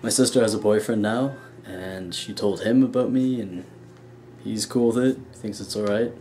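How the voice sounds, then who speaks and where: A man's voice: on the low side, fairly even intonation, normal speed, over loud music. Dry, wry young man vlogging. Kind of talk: casual personal storytelling.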